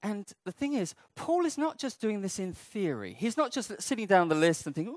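A man's voice: sits high, big pitch swings, moderate pace, hardly any pauses, dry recording. Guy preaching, chatty and funny, voice bounces all over, dry close sound. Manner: humorous, conversational, acting out quotes. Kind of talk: sermon.

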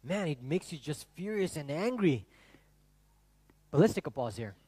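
A man preaching a sermon to his congregation, animated and rhetorical, asking them questions. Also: fairly high pitch, moderate pace, breathy edge, dry recording. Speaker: pastor. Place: church.

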